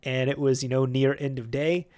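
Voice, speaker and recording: A man's voice: medium pitch, little pitch movement, normal speed, darkish tone. Casual male vlogger, rambling storyteller. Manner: rambling, chatty, with many fillers and restarts. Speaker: YouTube host.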